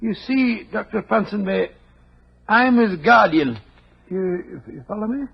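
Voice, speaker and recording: An actor playing Dr. Watson in disguise with a put-on Scottish accent, stammering and hesitant, in a 1940s radio play. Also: male voice, sits high, animated, measured pace, vocal fry, slightly rough, heavily acted. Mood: scheming. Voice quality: hesitant, bumbling, full of stammers. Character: Dr. Watson posing as a Scottish guardian. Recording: dull old radio recording.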